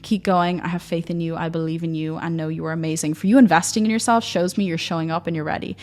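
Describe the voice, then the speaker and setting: A young woman speaks in a gushing, effusive stream, full of "like" and sudden enthusiasm. She sounds slightly out of breath, her voice wearing thin after a long talk. Her pitch sits a little on the low side for a woman. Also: fairly even intonation, fast talker, a little mellow. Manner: gushing, effusive, uses "like" often. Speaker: manifestation coach. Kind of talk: enthusiastic spiritual pep talk.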